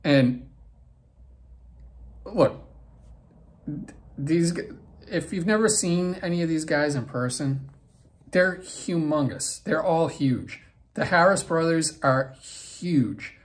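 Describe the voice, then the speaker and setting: A man's voice: fairly high pitch, lively intonation, takes it slowly, pauses often. A man in his forties hosting his own vlog, telling a backstage story in a rambling way with many fillers and restarts. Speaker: vlog host. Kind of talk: casual storytelling.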